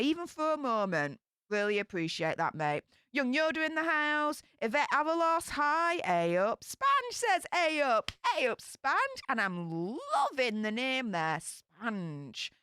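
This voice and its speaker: Lively upbeat Yorkshire woman. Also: a little high, clear, resonant tone, dry recording, studio quality. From Yorkshire, England. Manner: upbeat, chatty, bursts of excitement. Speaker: livestream host. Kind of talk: casual livestream chat reading comments.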